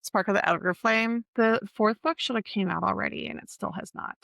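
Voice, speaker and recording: Fairly quick and fairly bright, this mid-range female voice carries vocal fry as she co-hosts a casual podcast chat about books. She's chatty, uses many fillers, and keeps halting to search for the right word.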